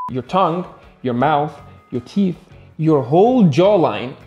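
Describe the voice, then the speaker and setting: Lively man teaching, warm voice. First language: Arabic. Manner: lively, playful, swings pitch up and down for emphasis. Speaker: English tutor. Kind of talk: casual video lesson.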